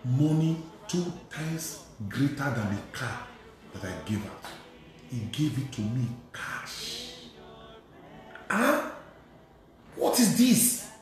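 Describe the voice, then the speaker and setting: A priest preaching a sermon, telling a testimony with emphatic repetition and acting out the dialogue. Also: male voice, mid-range voice, expressive, slow pace, a little mellow, faint music behind. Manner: emphatic, repeats phrases, acts out dialogue. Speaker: Catholic priest. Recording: very echoey hall.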